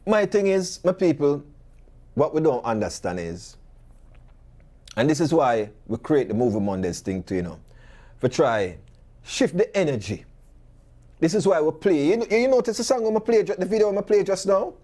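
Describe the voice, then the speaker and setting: A man with a Jamaican accent, hosting a talk show monologue full of rhetorical questions and animated stories in patois. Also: fairly high pitch, moderate pace, pauses often.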